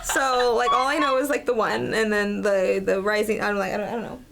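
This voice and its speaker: A woman's voice: medium pitch, fairly even intonation, a little fast, gravelly, heavy background noise. A young woman being interviewed in casual chat, bubbly and emotional, her stories full of "like" and quoted asides. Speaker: interview guest, makeup artist.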